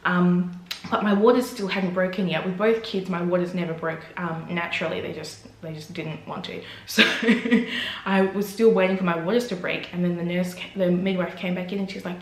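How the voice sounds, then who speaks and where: A woman's voice: on the low side, brisk. A young woman, telling her own birth story in a candid vlog and acting out what she said. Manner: animated, acts out her own quotes with laughter. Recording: roomy echo.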